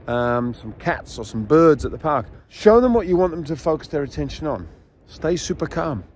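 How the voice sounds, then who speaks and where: Middle-aged man, dog trainer: chatty, animated teacher who acts out his anecdotes, a touch high-pitched, recorded outside by the beach. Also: a little hiss or hum. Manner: animated storyteller, acts out scenes. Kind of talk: casual outdoor teaching talk with anecdotes. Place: outdoors near a beach. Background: faint outdoor ambience with waves.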